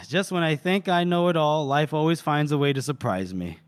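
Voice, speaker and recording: A man reading aloud the lines of a scheming, cold-spoken grand duke in a measured, accusing way. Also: on the high side, expressive, clear, resonant tone, close to an everyday voice. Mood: grave. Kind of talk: dramatic book reading.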